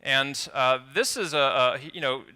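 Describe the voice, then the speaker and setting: A man giving a conference talk, telling patient stories in an animated way with a few restarts. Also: mid-range voice, moderate pace, clear, resonant tone. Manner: storytelling, animated with some restarts. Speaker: conference speaker. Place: conference hall.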